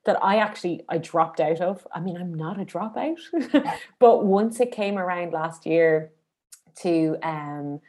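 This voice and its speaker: A woman's voice: lowish voice, animated, unhurried, darkish tone. A woman in her thirties hosting an interview, affirming her guest in casual chat. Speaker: podcast host.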